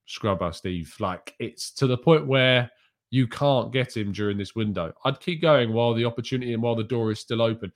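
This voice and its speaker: A man hosting a live fan stream from a small home room, reading chat questions aloud and answering in a candid, chatty way with frequent ums and asides. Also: mid-range voice.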